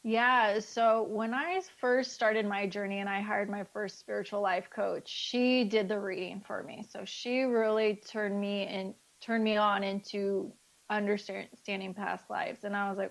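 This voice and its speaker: A woman speaking as a life coach guest in a casual interview, lively and acting out the dialogue she quotes. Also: medium pitch, measured pace, vocal fry.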